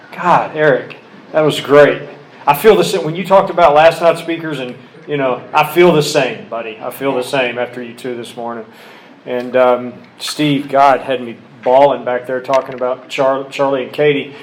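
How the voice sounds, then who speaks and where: A man's voice: medium pitch, slight background noise. A man from Oklahoma telling his story at a recovery meeting, candid and self-deprecating with humor, at a podium mic. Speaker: AA speaker.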